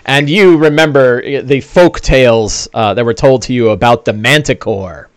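A man narrating a tabletop game as game master, animated and full of fillers. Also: medium pitch, normal speed, smooth, no room sound.

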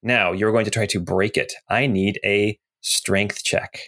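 A man's voice: on the low side, steady tone, unhurried, sharp tone. A man running a tabletop game as game master, narrating in an easygoing way with lots of fillers.

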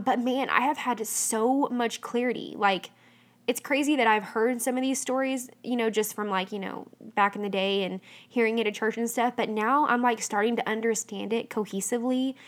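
Chatty woman podcast host. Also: medium pitch. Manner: chatty, heavy on fillers like "um" and "like". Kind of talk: casual solo podcast chat.

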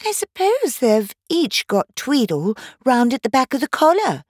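A woman voicing a curious young girl who muses quietly to herself. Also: high-pitched, very animated, a little slow, slightly rough, no room sound, clean studio sound, pitched above the performer's own voice, exaggerated voice. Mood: musing.

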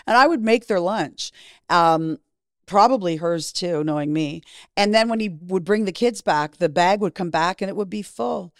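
A woman's voice: on the low side, no room sound, clean studio sound. A middle-aged woman from Canada, a guest in an interview, telling personal stories candidly and bluntly, with some swearing. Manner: frank, profane, acts out quoted voices. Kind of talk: candid storytelling.

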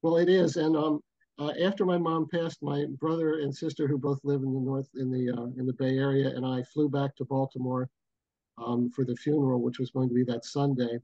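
A mellow, warm-voiced older man telling a story at an unhurried, reflective pace. The video call audio is dull and lo-fi, and the sound is dry and close. He pauses often as he recalls the details. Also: medium pitch, flat delivery, no echo. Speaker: guest, booking agent. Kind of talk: storytelling interview. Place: home, bridge view behind.

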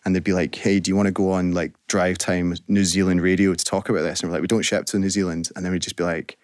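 A man with a very low voice talks through his story in a loose, chatty way, full of "like" and asides. He is a guest on a radio show, and the studio sound is dry and close. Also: steady tone, very fast, hardly any pauses, no room sound. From Scotland. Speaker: guest entrepreneur. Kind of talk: casual radio interview.

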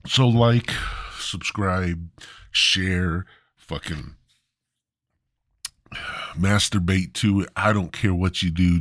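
A man's voice: deep voice, no echo, clean studio sound. A man hosting a podcast, ranting crudely and rambling in a stand-up style. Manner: profane, rambling, swooping delivery. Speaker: podcast host.

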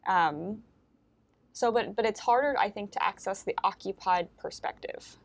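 A woman's voice: mid-range voice, moderate pace. A woman co-hosting a podcast, talking casually about ancient history with many fillers and restarts. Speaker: podcast co-host.

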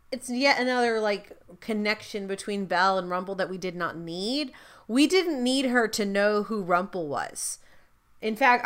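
A woman's voice: medium pitch, a bit bright. A young woman co-hosting a podcast, going off on tangents and restarting her sentences in casual chat about a TV show. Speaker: podcast co-host.

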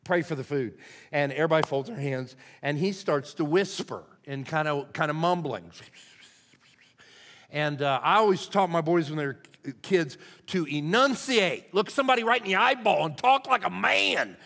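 An older man, a lead pastor, preaching a sermon in a folksy, conversational way that swings from hushed to loud. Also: a little high, moderate pace, vocal fry. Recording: long hall reverb.

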